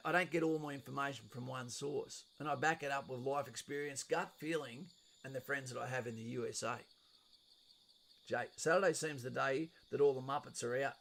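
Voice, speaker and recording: A middle-aged Australian man hosting a live stream, his voice carrying a gravelly, creaky edge. He talks bluntly and casually, swearing freely as he reads viewers' comments aloud and responds. His pitch sits in an ordinary middle range for a man. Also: a bit bright. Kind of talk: casual live stream, reading and answering chat.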